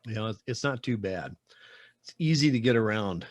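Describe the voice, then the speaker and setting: A man's voice: fairly low pitch, lively intonation, normal speed, dry recording. Chatty Wisconsin man hosting, dry sound. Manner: joking, chatty, repeats himself. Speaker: podcast host. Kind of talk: casual interview chat.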